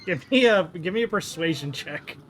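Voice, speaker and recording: A man running a tabletop game, narrating casually with plenty of fillers and an amused edge. His voice sits a little high and sounds bright and sharp. A faint hum lies behind him. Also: expressive, moderate pace. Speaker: game master.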